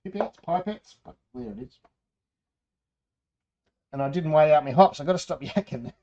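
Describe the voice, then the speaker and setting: A man's voice: on the high side, normal speed, mellow. Chatty Australian man, slightly muffled. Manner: rambling, talks to himself and reads out chat. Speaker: home brewing livestream host. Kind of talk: casual live-stream chat while brewing. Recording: slightly dull lo-fi sound.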